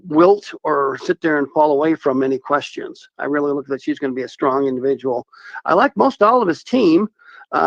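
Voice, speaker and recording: A man's voice: on the high side, gravelly, no echo. A man calling in to a talk radio show from his mountain home, telling rambling, joking stories. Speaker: caller. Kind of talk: casual phone-in chat. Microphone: telephone. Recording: muffled phone line.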